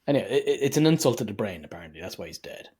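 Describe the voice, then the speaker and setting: Husky man ranting sarcastically. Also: fairly low pitch, very animated, racing, a little mellow. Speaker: podcast co-host. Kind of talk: casual film review chat.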